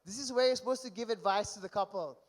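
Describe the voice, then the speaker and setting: A young man giving a best man speech at a wedding reception, telling stories and reading texts aloud in an animated way. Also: sits high, quick pace. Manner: animated storytelling, mock-reads texts aloud.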